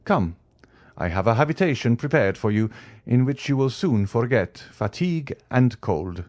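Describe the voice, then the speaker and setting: A man's voice: mid-range voice, lively intonation, normal speed, darkish tone, no echo, lightly acted. Man doing the Count, a courteous nobleman. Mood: cordial. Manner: polished, gracious. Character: the Count, wealthy mysterious nobleman, courteous and melancholy.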